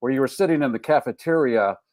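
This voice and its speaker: A man hosts a loose, chatty conversation in an even mid-range voice. He nudges his guest along with stories of his own. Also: medium pitch, fast. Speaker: host. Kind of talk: casual chat.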